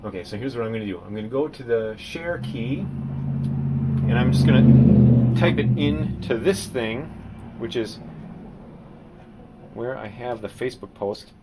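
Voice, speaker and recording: A man, a painter, rambling on a live stream and reading his artist statement aloud, swinging from muttering to loud theatrical outbursts. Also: medium pitch, expressive, a little slow, pauses often, very noisy.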